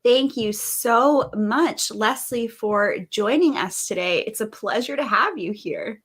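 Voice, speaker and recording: A woman's voice: fairly high pitch, slow, breathy edge. Earnest, upbeat woman podcast host. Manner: earnest, upbeat, lively emphasis. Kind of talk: hosted interview podcast.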